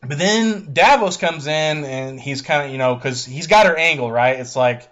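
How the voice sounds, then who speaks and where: A man's voice: on the high side, highs cut off. Profane man recapping a show. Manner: profane, animated, paraphrases characters in quick asides. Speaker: podcast co-host recapping a TV episode. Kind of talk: casual recap chat.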